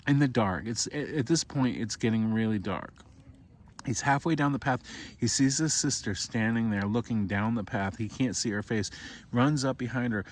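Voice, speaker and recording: Rambling man telling a campfire horror story. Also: normal speed. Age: adult parent. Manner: rambling, repeats and restarts, rises to high cries for the boy's voice. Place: outdoors by a campfire in the woods.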